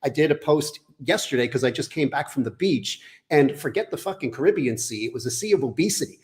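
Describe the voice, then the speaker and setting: A man's voice: mid-range voice, expressive, brisk, a little mellow. A middle-aged man, a fitness trainer, ranting bluntly and profanely in a casual podcast chat.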